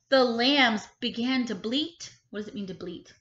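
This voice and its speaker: A woman kindergarten teacher reading a picture book aloud, expressive and stopping to ask the children questions. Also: a little high, measured pace, a little hiss or hum. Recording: echoey room, slightly dull sound.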